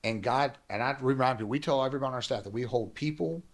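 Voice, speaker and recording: Fast-talking man telling a story. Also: mid-range voice. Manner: fast animated storytelling, acting out quoted dialogue. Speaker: pastor. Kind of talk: telling a personal story as a guest.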